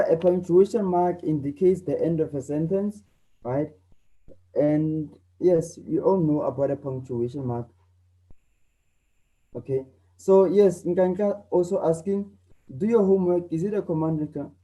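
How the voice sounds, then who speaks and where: A teacher giving an online lesson, acting out the example exclamations loudly and often checking in with "okay?". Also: medium pitch, measured pace, low-quality recording. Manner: acts out exclamations loudly, tags lines with "okay?".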